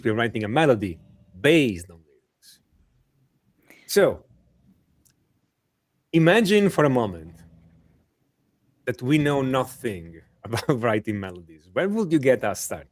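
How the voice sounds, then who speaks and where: A man's voice: mid-range voice, very animated, moderate pace, long pauses, no room sound. A man hosting an interview, putting questions to his guest with a few hesitant restarts. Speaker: host.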